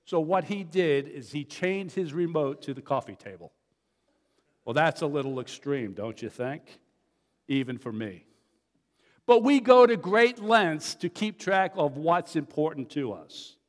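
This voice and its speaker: A middle-aged male pastor preaches in an easygoing, anecdotal way, stumbling and restarting now and then. His voice sits a little high for a man. The sound carries the long reverb of a large church hall. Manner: conversational, folksy, with fillers and restarts. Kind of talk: sermon with storytelling.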